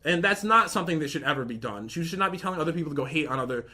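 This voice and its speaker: A man's voice: a little high, expressive, very fast, pushed and bright. A young man in casual commentary, rambling and aggrieved as he reads out and picks apart messages from an ex. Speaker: vlogger.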